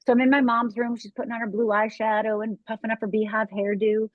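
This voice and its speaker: A woman's voice: on the high side, flat delivery, fast, no echo. A woman from Upper Michigan, a life coach and author, telling her own story in an interview, candid and direct with asides to the listener. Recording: tinny phone-like dry sound.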